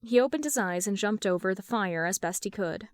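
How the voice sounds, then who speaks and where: A woman's voice: mid-range voice, a little fast, no echo. Woman reading fan fiction aloud, dry close sound. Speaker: podfic reader. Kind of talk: audiobook narration of fan fiction.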